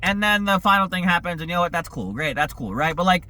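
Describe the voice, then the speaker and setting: A young man giving a casual, profane, exasperated movie review, talking in an animated way. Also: sits high, fast talker.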